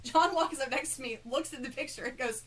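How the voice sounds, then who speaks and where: Giggly high-voiced woman telling a story. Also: fairly quick, slightly rough. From Florida, United States. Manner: giggly, laughs often between phrases; chatty, many fillers and restarts. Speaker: podcast co-host. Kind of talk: casual storytelling chat.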